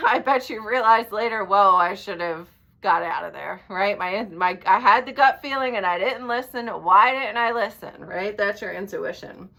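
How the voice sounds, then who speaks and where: A woman's voice: on the high side, a bit bright. A woman life coach giving an earnest talk, checking in with listeners after each point and swearing now and then. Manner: blunt, swears casually. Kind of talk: direct-to-camera coaching talk.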